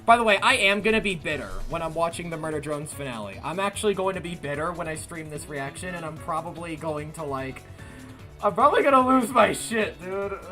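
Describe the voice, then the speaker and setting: A bright, clear-toned young man chatting on a livestream. He rants with exasperated energy and circles back over the same points. There is faint music underneath. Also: a little high, animated, a little fast. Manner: ranting, loud and exasperated, repeating himself. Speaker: streamer. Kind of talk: casual chat on a livestream.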